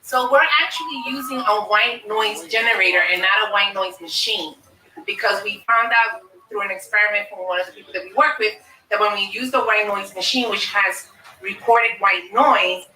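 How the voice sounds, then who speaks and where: A woman who investigates the paranormal, explaining her team's methods in a quick, matter-of-fact way during a live interview at a fair. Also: medium pitch, sharp tone. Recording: echoey, distant from the mic, faint noise.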